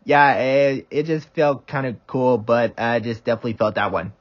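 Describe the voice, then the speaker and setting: A man's voice: mid-range voice, steady tone, moderate pace, lo-fi sound. A man fan-dubbing a cartoon, switching voices playfully. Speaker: fan dubber. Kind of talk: comedic fan dub of a cartoon.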